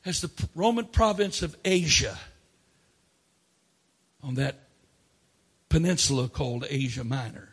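A man preaching a sermon, swinging between loud emphatic declarations and quiet asides. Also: medium pitch, lively intonation, measured pace, long pauses, breathy edge.

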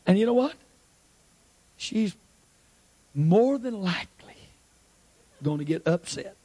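Man, high voice, preacher, repeats his points, acts out scenes. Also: lively intonation, slow pace, dark tone, husky. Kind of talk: sermon.

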